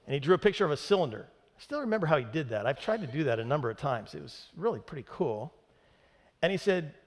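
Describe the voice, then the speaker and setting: A man's voice: a little high, very animated, fast. A male pastor giving a sermon, emphatic and conversational with dry humor. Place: church sanctuary. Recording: long hall reverb in a church.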